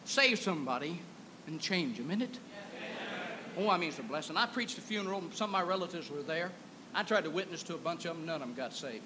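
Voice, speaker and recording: A preacher with a very high, piercing voice that leaps up and down as he preaches. He drops to a hush for his stories, then bursts into shouts. It comes from an old cassette tape of a church service with a faint hum underneath. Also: rough recording. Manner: swings between hushed storytelling and shouted exclamations. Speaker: pastor. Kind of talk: fiery revival sermon. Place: church sanctuary.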